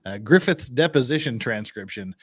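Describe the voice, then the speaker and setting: A man's voice: mid-range voice, expressive, moderate pace, slightly rough. A man hosting a casual livestream, chatty and full of restarts. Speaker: livestream host.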